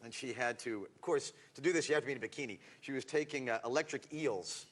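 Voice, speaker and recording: A man chatting as a talk show guest, telling comic stories and acting out lines. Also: mid-range voice. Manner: animated storyteller, quick to mimic voices. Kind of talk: casual chat.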